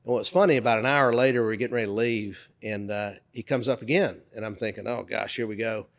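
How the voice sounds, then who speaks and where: Middle-aged male co-host, casual chat, animated storyteller who acts out dialogue. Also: fairly low pitch, quick pace. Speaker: podcast co-host.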